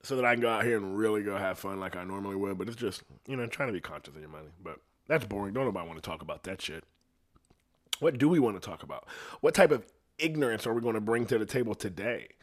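A man's voice: on the low side, lively intonation, quick pace. A man hosting his own podcast, talking casually in a rambling, profane way and laughing at his own jokes. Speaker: podcast host. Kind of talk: casual solo podcast rant.

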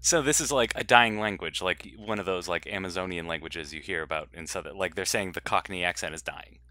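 A man co-hosting a movie podcast, lowish in pitch with a very bright, forceful tone. He argues his side playfully and with animation, recorded close and dry. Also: a little fast, no room sound. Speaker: podcast co-host. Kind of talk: casual chat.

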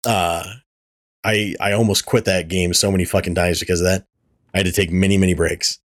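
A man hosting a podcast, chatting casually, swearing often and telling animated stories. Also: low voice, brisk. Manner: animated storytelling, swearing and laughing. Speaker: podcast host. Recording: poor audio from a faulty mic.

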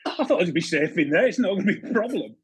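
A man's voice: sits high, lively intonation, fast talker, breathy edge, dry recording. A man in his fifties, a former goalkeeper, telling chatty football anecdotes as a podcast guest. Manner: chatty anecdotes, frequent restarts, laughing. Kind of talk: casual storytelling chat.

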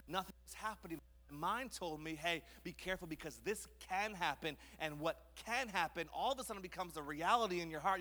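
A man in his thirties from Canada, preaching a sermon and telling lively stories, acting out his own voice and others' in quotes. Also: on the high side. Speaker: pastor. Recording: long reverb of a large hall.

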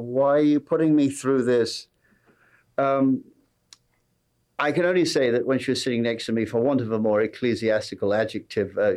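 A man's voice: mid-range voice, darkish tone. A man with an English accent, a pastor preaching a sermon and telling a personal story with dry humor and earnest appeals to his congregation. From England.

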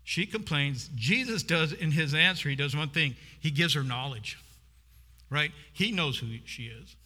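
Speaking at a measured pace, this man has a slightly high, sharp voice with lively intonation. He's preaching, narrating a scripture story, voicing its people, and taking on the woman's voice along the way. The room adds a long hall reverb.

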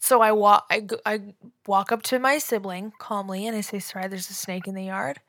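A woman's voice: mid-range voice, fairly even intonation, a little fast, fairly bright tone, no echo. Young woman podcast cohost, giggly and self-mocking, dry close mic. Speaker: podcast co-host. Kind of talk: casual chat.

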